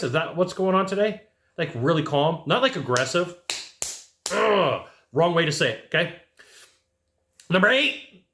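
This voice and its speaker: A man in a casual sales-coaching talk, his voice sitting a little high for a man. He speaks in a loose, conversational way and acts out the lines to use with a customer. The sound bounces around a roomy, echoey space. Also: expressive, moderate pace, pauses often, a bit bright. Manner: conversational, acts out sales scripts, tags points with "right?" and "okay?". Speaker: sales trainer for HVAC technicians. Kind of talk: casual instructional talk to camera.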